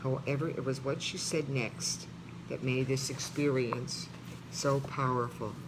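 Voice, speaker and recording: A man reading a memoir aloud in a heartfelt, pausing way, stopping now and then to talk to his listeners. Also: mid-range voice, steady tone. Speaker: reader. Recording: noisy background ambience.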